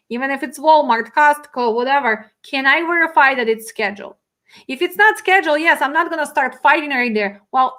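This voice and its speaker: Animated emphatic high-voiced woman host. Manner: emphatic, animated, repeats "you know what". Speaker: host and dispatch trainer. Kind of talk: casual interview.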